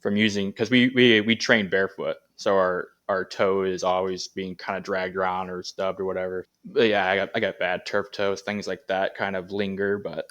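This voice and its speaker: Brief: laid-back athlete guest, low voice, casual and rambling. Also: male voice, normal speed, few pauses. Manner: relaxed, rambling with many fillers. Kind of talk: casual interview chat.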